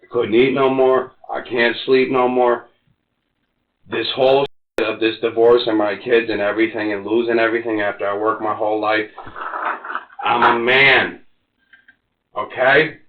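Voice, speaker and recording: A man in his forties under police interrogation, ranting and cursing, swinging between loud outbursts and low mutters. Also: little pitch movement, normal speed, long pauses, slight background noise. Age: 40s. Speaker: interrogation suspect. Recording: echoey, muffled interrogation room recording.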